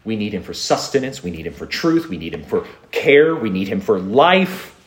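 Lively, animated male preacher. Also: lowish voice, moderate pace. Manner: earnest, rhetorical questions, repeated refrains. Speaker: pastor. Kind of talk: expository sermon.

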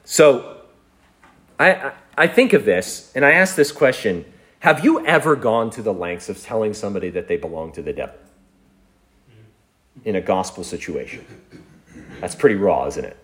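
A man's voice: fairly low pitch, lively intonation, moderate pace, long pauses, a bit bright. A man preaching a sermon in a conversational, storytelling way, chuckling now and then. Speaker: pastor.

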